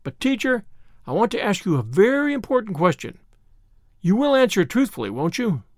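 A man's voice: sits high, big pitch swings, fairly quick, no room sound, studio quality. A man reading the part of an eager, earnest little boy with polite, old-fashioned speech.

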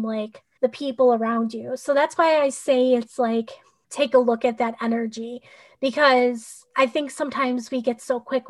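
A woman who works as a human design coach, talking casually in a podcast conversation. Her speech is rambling and full of "like" and "you know", with an occasional sarcastic aside. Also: on the high side.

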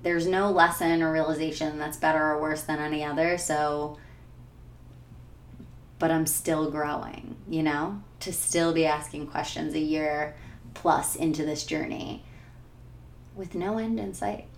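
A young woman talks through her thoughts in a slow, searching monologue, full of fillers and honest asides. Her voice sits low and unhurried. The sound carries a noticeable echo from the room. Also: steady tone, slight background noise. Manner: candid, searching, with fillers and self-questioning. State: tearful at times. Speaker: podcaster. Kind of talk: personal reflective monologue.

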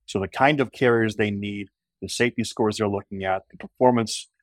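A man's voice: fairly low pitch, brisk, no echo, clean studio sound. A man who is a guest on a podcast, explaining his business in an earnest, agreeable way. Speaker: guest, company co-founder. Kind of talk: casual podcast conversation.

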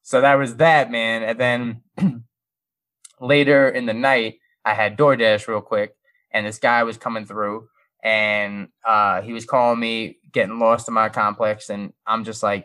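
Animated man telling a casual story. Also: lowish voice, measured pace. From Brooklyn family roots. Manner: animated, swears freely, acts out dialogue.

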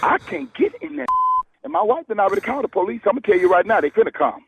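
A man's voice: high voice, big pitch swings, very fast, vocal fry, slightly rough, no echo. A man on a phone call, agitated and whispering, then laughing it off. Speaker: prank call target. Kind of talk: phone conversation.

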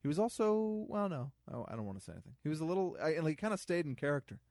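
A man's voice: fairly high pitch, big pitch swings, rapid-fire, a little mellow, no echo, studio quality. A man co-hosting a casual film commentary podcast, a joking storyteller who slips into silly voices. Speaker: podcast co-host.

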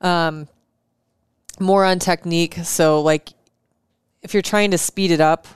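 A woman co-hosting a casual chat, calmly explaining running technique step by step. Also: fairly low pitch, takes it slowly, clean tone, dry recording, clean studio sound. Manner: calm, explanatory. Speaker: podcast co-host.

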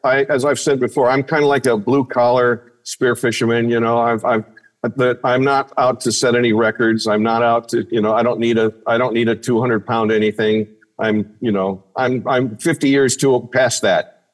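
A man co-hosts a podcast in a relaxed, rambling way, peppering his talk with filler phrases. His voice sits at an average pitch. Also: normal speed. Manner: rambling, frequent "you know", easygoing. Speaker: podcast co-host. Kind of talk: casual podcast chat.

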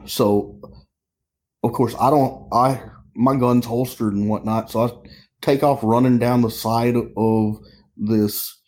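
A sheriff's deputy recounts a call in an interview. His voice is mellow and relaxed, and he talks haltingly, repeating and restarting his words. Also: mid-range voice. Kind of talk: interview storytelling.

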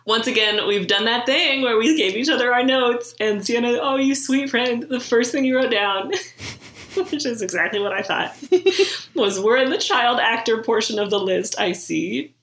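A woman's voice: a little high, normal speed, fairly bright tone, slight background noise. Woman, podcast co-host, casual chat, laughs often, echoey room. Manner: laughing, teasing, emphatic. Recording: roomy echo.

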